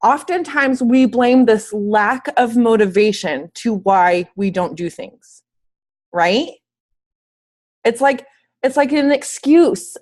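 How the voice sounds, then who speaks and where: A woman's voice: on the high side, a little mellow. Sick woman coaching a team call. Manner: upbeat and emphatic, with casual slang. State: sick, slightly wheezy. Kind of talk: casual motivational talk. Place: at home, in bed.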